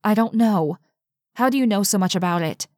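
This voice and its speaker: A woman's voice: mid-range voice, a little fast, darkish tone, no echo, clean studio sound, natural voice. Woman voicing a tense, determined young woman. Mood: urgent. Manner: urgent, coaxing, tense.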